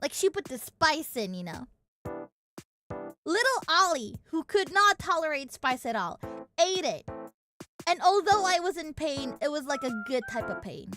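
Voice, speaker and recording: A woman with an Indonesian accent chats casually with her stream viewers. Her voice sits extremely high, and she is excitable, often breaking into playful shouts. Background music plays clearly behind her. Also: measured pace.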